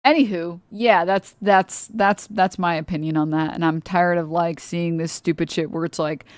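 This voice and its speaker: A woman's voice: fairly low pitch, no echo. A woman streamer ranting in casual commentary, blunt, profane and sarcastic, rambling with lots of filler words. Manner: rambling with many filler likes.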